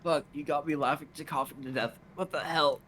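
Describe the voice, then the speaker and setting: A man's voice: a little high, fairly even intonation, fairly quick, fairly bright tone. A man chatting on a livestream with friends who laughs a lot, swears and begs for mercy in a joking way. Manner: laughing, swearing, mock-pleading. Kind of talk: casual stream chat.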